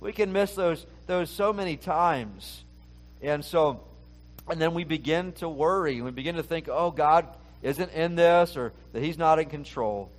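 A man's voice: a little high, animated, normal speed. A male pastor preaching a conversational sermon, talking casually and asking the listeners many rhetorical questions.

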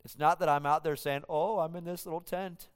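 Pastor preaching in a reverberant hall. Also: male voice, a little high, fairly even intonation, a little fast, clean tone. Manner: reads scripture aloud, then paraphrases God speaking in first person with rising emphasis. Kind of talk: sermon.

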